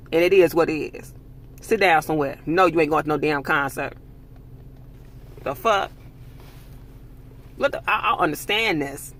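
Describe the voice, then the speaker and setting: Brief: heated man vlogger, raspy and gravelly, slightly high voice, cursing rant. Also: fairly bright tone. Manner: angry, profane, emphatic ranting. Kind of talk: heated commentary monologue.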